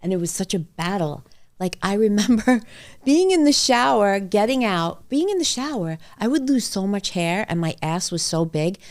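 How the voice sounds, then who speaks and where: A woman hosting a podcast, telling personal stories in a blunt, animated way and swearing freely. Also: mid-range voice, moderate pace. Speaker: podcast host. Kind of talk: casual conversation, storytelling.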